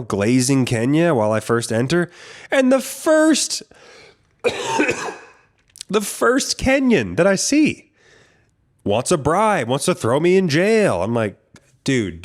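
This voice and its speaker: Man, podcast host, casual sweary storyteller, average pitch. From United States. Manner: profane, rambling, animated.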